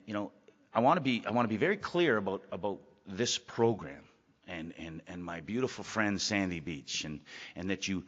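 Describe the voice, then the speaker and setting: A man's voice: low-pitched, a bit bright. A middle-aged man giving a candid, rambling personal talk at a recovery meeting, often repeating his words. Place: meeting hall. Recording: lo-fi hall recording.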